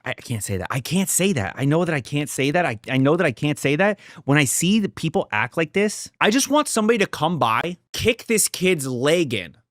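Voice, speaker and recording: A man's voice: very animated, fairly quick, few pauses, no echo, clean studio sound. A young man reacting to a drama series, talking casually with heavy swearing and heated outbursts. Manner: profane, heated and emphatic, swings between loud outbursts and low muttering. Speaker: reaction video creator.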